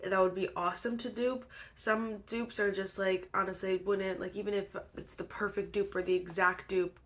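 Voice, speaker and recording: A young woman talks through her makeup routine in a chatty, bubbly way, sprinkling in lots of "like" and "um." Her nose is a little blocked, so her voice has a stuffy, congested edge. Her pitch sits right in the middle for a woman. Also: pushed and bright. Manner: bubbly, chatty, filler-heavy with frequent laughs. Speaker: beauty vlogger. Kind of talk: casual chat.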